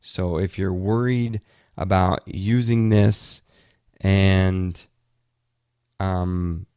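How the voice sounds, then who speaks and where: A man's voice: low-pitched, steady tone, drawn-out words, darkish tone, clear, resonant tone, no room sound. A tired man chatting casually about his gadgets as a podcast host, rambling with frequent restarts. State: tired, yawning. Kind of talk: casual tech talk.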